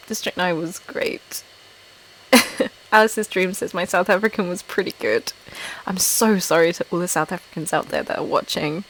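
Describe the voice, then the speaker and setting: A woman's voice: fairly low pitch, a little slow, a bit bright, slight background noise, low-quality recording. A woman with an English accent, hosting a casual live-stream chat with viewers. She giggles a lot and fills her talk with "like" and "um". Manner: giggly, filler-heavy, self-deprecating. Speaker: ASMR channel host on a live stream.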